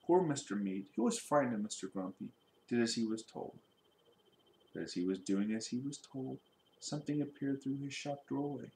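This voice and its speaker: A man reading a children's storybook aloud in a lively way, putting questions to his young listeners. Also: medium pitch, normal speed, roomy sound, a little hiss or hum.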